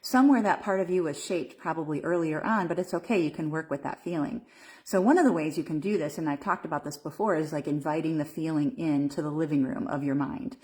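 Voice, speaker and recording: A woman's voice: deep voice, fast talker, darkish tone. A woman coaching viewers during a live video stream, talking casually with frequent fillers and restarts. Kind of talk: Facebook Live talk.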